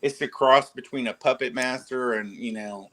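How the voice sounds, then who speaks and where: A man telling stories on a casual livestream, animated, profane and stammering as he talks. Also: mid-range voice, normal speed. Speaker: streamer.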